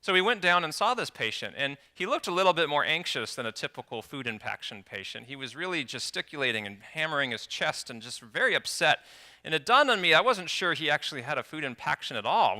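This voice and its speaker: Bright-voiced man giving a conference talk. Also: a little high. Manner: storytelling, animated with some restarts. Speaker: conference speaker. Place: conference hall.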